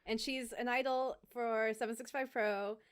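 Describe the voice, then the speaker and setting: A woman's voice: on the high side, steady tone, normal speed, clean tone. A woman co-hosting a podcast, chiming in with short quips and agreement during casual chat. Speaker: podcast co-host.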